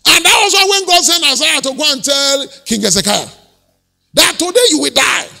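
A male pastor preaching a sermon, rising to shouted peaks and dropping low again. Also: expressive, normal speed, creaky, long reverb tail. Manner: preaching with shouted peaks and sudden drops to near-whisper.

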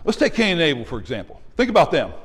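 A man's voice: fairly high pitch, racing, breathy edge, in a large hall. A man, the pastor, preaching a sermon in a church and calling out to the congregation as he teaches. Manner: animated preaching with call-outs to the congregation. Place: church sanctuary.

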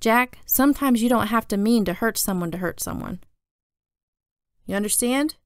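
A woman's voice: on the high side, moderate pace, no room sound, clean studio sound, close to an everyday voice. A woman voicing a stern, devout babysitter who scolds and preaches in a storybook reading. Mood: firm.

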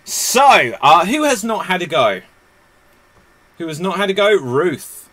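A man hosting a live online improv comedy show, joking and laughing at himself. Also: high voice. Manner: lively, jokey, quick to laugh at himself.

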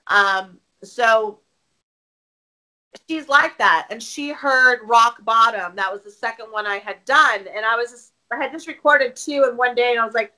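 A woman podcaster talking about her show in an interview, open and animated, often restarting her sentences. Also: on the high side, moderate pace, low-quality recording. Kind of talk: casual interview conversation.

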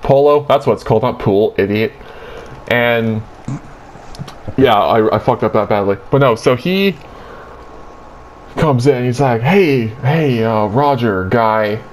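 A young man tells a dream story in casual chat, with a middle-pitched voice. He rambles crudely and loads his sentences with filler likes. A faint ambient noise hangs behind him. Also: a little slow, long pauses. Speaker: host retelling his dream.

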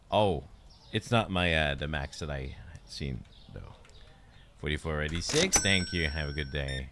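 Male streamer, deep bright voice, self-mocking casual game chatter with some swearing. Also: lively intonation, a little slow, a little hiss or hum.

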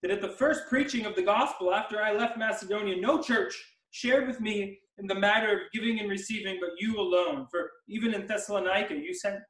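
A man preaching an expository sermon as pastor, emphatic and slowing down to stress key words. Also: high-pitched, fairly bright tone, echoey room, recorded from a distance, low-quality recording. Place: church sanctuary.

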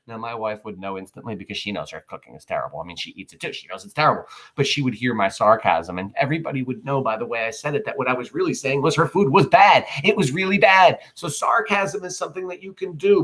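A man's voice: medium pitch, animated, quick pace, few pauses, a bit bright, breathy edge, low-quality recording. A male teacher explaining a play in a chatty way, with asides and rhetorical questions to his students. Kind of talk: classroom literature lesson.

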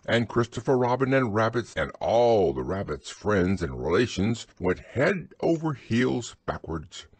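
A man narrating a storybook as a bedtime audiobook, husky, slow and soothing. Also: medium pitch, no room sound.

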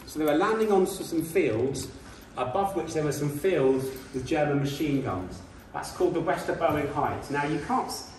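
A man tells a history story to a school group, chatty and full of ums, turning indignant at injustices. His voice sounds slightly high for a man. It echoes heavily around a hall and comes from a distance, with faint noise underneath. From Britain. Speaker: guest speaker. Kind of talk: informal history talk with slides.

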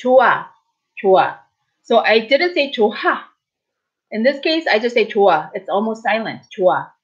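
A woman in her thirties giving a casual spoken lesson as a language teacher, patiently repeating words slowly and checking in often. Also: fairly high pitch. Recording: dull, muffled lo-fi audio.

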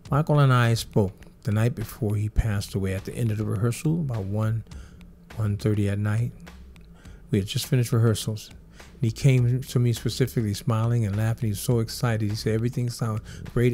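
Man, gravelly, mellow, earnest storytelling, repeats and stacks phrases, faint background hiss. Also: lowish voice, steady tone, a little fast. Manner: earnest, repetitive, piles up phrases. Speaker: professional drummer answering fan questions.

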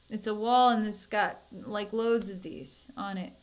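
A woman working as a psychic healer, talking softly and soothingly through an energy healing session, with sighs and small laughs. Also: mid-range voice.

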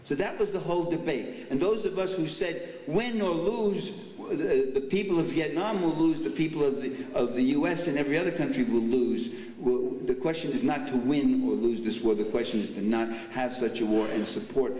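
A man's voice: on the high side, moderate pace, hardly any pauses, mellow. An older man giving a political speech at a banquet, sarcastic and full of mocking asides. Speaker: speaker at a banquet. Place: banquet hall. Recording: echoey hall from far off.

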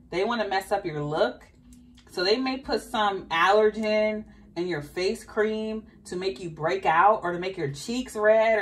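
A woman's voice: mid-range voice, far from the mic. Chatty woman with a slight Southern accent. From Southern United States. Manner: chatty, thinking aloud, repeats questions to spirit. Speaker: tarot reader. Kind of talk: casual tarot reading monologue.

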